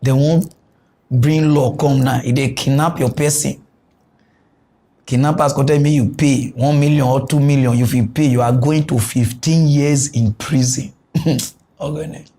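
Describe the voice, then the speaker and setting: A man's voice: mid-range voice, a little slow. A young man with a Nigerian Pidgin accent hosting a comic mock news show, ranting with frequent chuckles. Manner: animated ranting, chuckles often.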